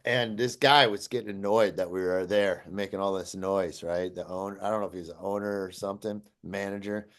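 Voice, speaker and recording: A man chatting on a podcast, telling a story in a relaxed, casual way. He breaks into loud, high-pitched bursts whenever he acts out what people said. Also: fairly quick. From Cleveland area. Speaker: podcast co-host.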